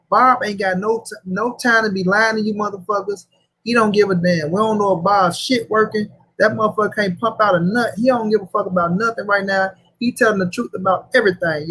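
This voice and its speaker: High husky-voiced man ranting. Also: a bit bright, low-quality recording. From St. Louis, USA. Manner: profane, slangy, repetitive rant. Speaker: boxing commentary host. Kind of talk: casual boxing talk.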